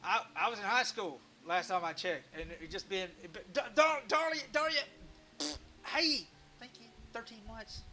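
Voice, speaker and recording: High, bright-voiced joking man host. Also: expressive, normal speed, soft background music. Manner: rambling, joking and self-mocking, with frequent restarts. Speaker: live-stream woodcarving host. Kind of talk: casual live-stream chat.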